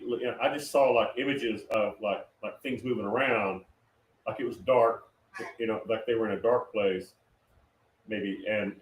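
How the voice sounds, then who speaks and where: A man casually recounting a dream in a rambling way, with many fillers and restarts. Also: mid-range voice. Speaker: guest recounting a prophetic dream. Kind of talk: casual conversational storytelling. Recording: roomy, distant mic with faint noise.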